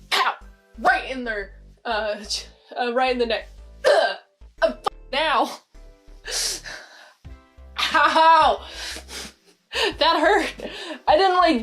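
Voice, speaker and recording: A fairly high-voiced woman talks through a TV episode in a loose, rambling recap. She gets excitable and fills her talk with fillers. Soft music plays quietly behind her. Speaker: TV show reviewer. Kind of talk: casual recap and review. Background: faint background music.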